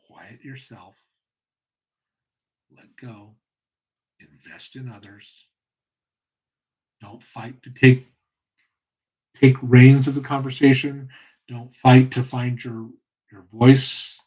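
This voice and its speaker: This man talks with a husky, slightly rough voice at a middling pitch. He speaks earnestly and with passion, pausing and restarting as he reflects on his own experience. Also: flat delivery, a little mellow, rough recording. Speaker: host. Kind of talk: reflective solo talk.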